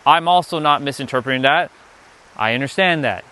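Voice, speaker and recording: A man's voice: mid-range voice, brisk, pushed and bright, clear, resonant tone. A young man giving a casual live-stream talk as a spiritual teacher, rambling and restarting his sentences often.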